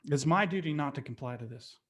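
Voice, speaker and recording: A man's voice: on the high side, lively intonation, brisk, a bit bright, slight background noise. A man giving a defiant public comment to a mayor and council, quoting sayings and speaking with emphatic force. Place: city council chamber.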